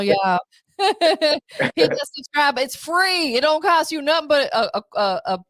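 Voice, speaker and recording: A woman's voice: a little high, a bit bright, no echo, studio quality. A woman hosting a live podcast in a casual, hyped-up, promotional way. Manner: hype, upbeat, promotional. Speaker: podcast host.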